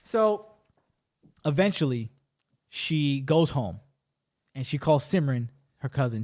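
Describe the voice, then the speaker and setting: A man's voice: mid-range voice, animated, slow, pauses often, darkish tone. A man co-hosting a podcast, retelling a story in casual, slangy, profane talk. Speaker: podcast co-host.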